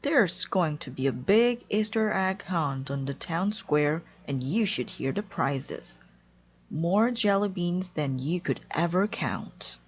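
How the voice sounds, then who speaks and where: A woman voicing an excitable, eager father bear in a read-aloud storybook. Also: on the low side, takes it slowly, slightly rough, lo-fi sound, heavily acted. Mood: excited. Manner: eager, enthusiastic.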